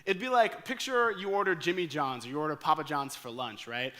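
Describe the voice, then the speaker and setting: An American man preaching a sermon, telling a story with lively acted-out quotes. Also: fairly high pitch, a little fast. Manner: energetic storyteller acting out quoted lines. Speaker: pastor.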